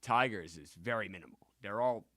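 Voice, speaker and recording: A man streaming a basketball video game, chatting and bursting into loud yelled celebrations, sometimes out of breath. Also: fairly low pitch, fairly quick, no echo. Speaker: gaming streamer. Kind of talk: excitable gameplay commentary.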